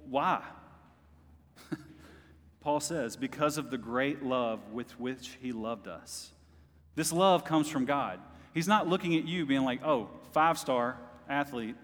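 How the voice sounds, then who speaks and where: A male pastor preaching a sermon to his congregation, speaking directly to them and rising to impassioned bursts. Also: mid-range voice. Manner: talks directly to the congregation as "y'all". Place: church service. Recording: long hall reverb.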